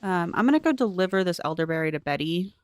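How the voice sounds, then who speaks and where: A woman's voice: lowish voice, lively intonation, fast, clear, resonant tone, no echo. A young woman streaming a cozy game, chatting with viewers and thinking aloud in a curious, talkative way. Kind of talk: casual gameplay commentary.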